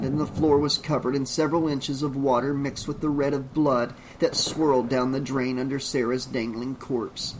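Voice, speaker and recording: A man's voice: mid-range voice, rough recording. Man reading an audiobook, dramatic delivery, faint hiss behind. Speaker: audiobook narrator. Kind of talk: audiobook narration.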